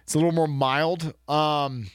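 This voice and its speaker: A man's voice: fairly high pitch, steady tone, a little slow, clear, resonant tone, dry recording. A man co-hosting a community radio sports show in casual banter, joking with dry self-mocking asides, his voice a bit stuffed up from allergies.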